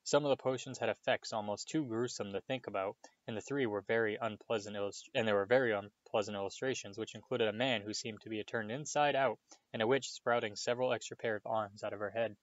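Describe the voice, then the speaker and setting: A man reading a novel aloud in a steady storytelling manner, giving the characters voices. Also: lowish voice, fast, no room sound, lo-fi sound. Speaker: reader.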